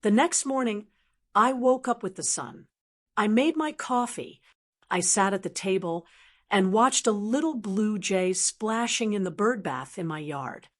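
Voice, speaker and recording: A woman narrating a first-person story in a calm, steady, measured way. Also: mid-range voice.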